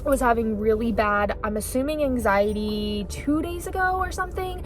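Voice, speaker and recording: Tired mom vlogging while sick. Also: female voice, a little high, lively intonation, moderate pace, over music. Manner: tired, chatty, lots of "like". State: sick and worn out. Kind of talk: casual vlog chat.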